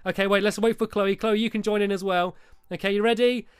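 A man's voice: high voice, level tone, fast talker, clear, resonant tone, no echo, clean studio sound. A man giving chatty, giggly commentary over his own game, chivvying his helpers along. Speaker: Minecraft video host. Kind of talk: casual gameplay commentary.

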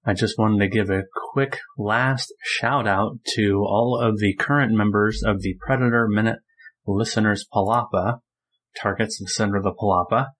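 A man hosting a podcast, chatting in a relaxed, rambling way with plenty of fillers. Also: lowish voice, normal speed. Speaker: podcast host. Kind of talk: casual chat.

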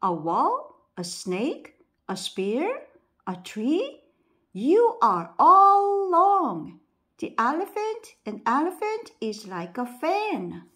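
A woman reading the part of a quarrelsome blind man in a bedtime story, loud and exasperated. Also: high-pitched, huge pitch swings, drawn-out words, pitched above the performer's own voice, full character voice. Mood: shouting.

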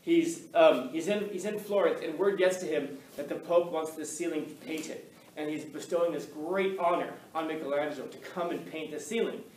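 A male teacher telling a story to his class in an animated way, acting out the voices of the people in it. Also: on the high side, moderate pace, a little hiss or hum. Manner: animated, acts out quoted voices. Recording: echoey classroom, mic from far off.

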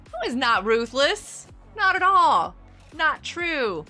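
A woman's voice: sits high, big pitch swings, slow, bright, forceful tone, soft background music. A woman streaming a game live, chatting with her viewers in a bubbly, giggly way. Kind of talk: casual live-stream chatter while gaming.

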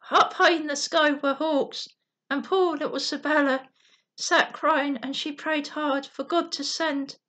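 A woman reading a bedtime story aloud in a gentle manner, with small slips and restarts. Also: sits high.

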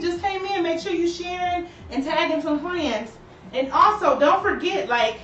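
A young woman with a high, animated voice chats straight to her live viewers while showing off shoes. She sounds a little out of breath. The recording is dull and lo-fi, with her voice set back from the mic in an echoey room. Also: distant mic, a little hiss or hum. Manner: chatty, animated, talks to viewers. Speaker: shoe store host. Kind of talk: casual live-stream sales chat. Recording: roomy and lo-fi, voice from off-mic.

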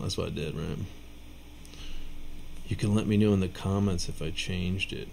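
A man teaching rhythm writing in a relaxed video lesson, counting and scatting beats aloud, with a casual, self-deprecating manner. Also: low-pitched, moderate pace, gravelly, pauses often, a little hiss or hum. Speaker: music teacher.

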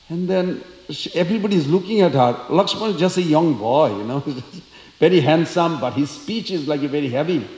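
A man giving a storytelling lecture at a temple, acting out the voices of the characters with lively energy. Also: a little high, a little fast. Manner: animated, acts out quoted characters. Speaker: temple speaker. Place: temple hall. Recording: echoey temple hall.

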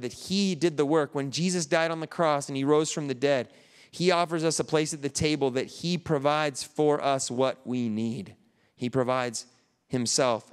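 A male pastor preaches an earnest, conversational sermon and often restarts his sentences. His voice is high, smooth, and resonant, and the long reverb of a large hall trails each phrase.

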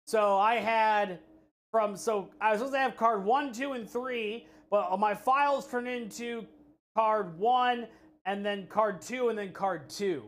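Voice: mid-range voice, measured pace. A streamer cooking live and chatting with viewers, telling a long, rambling story full of swearing and restarts. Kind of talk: casual chat with live chat while cooking.

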